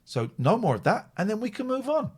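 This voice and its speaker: A man's voice: high voice, very animated, a little fast, slightly rough. A man hosting a live call-in stream, chatting casually and reading viewer comments aloud.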